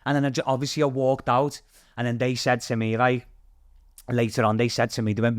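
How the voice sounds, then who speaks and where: Lively British man telling a story. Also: mid-range voice, fairly quick, no echo, clean studio sound. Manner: animated, swears freely, acts out quoted voices. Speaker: podcast guest. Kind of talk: casual storytelling.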